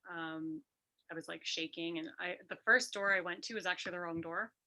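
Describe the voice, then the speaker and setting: A woman guest on an interview, talking through a personal story with lively energy. Her voice sits low but has a bright, forward edge. She often slips into quick re-enactments of what people said. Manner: animated, re-enacts quotes in a lively voice.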